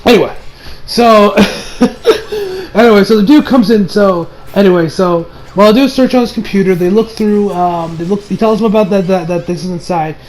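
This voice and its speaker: A young man giving a casual, excitable anime review, swearing and laughing often. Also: high-pitched, normal speed, soft background music.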